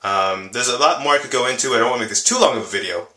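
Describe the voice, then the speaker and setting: A young man rambles casually through a game explainer, his voice bright and forceful. He leans on fillers and keeps jumping his pitch up and down. The sound bounces around a roomy, echoey space. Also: racing. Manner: rambling, filler-heavy, lively pitch jumps. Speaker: gaming channel host. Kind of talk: casual video commentary. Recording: echoey room.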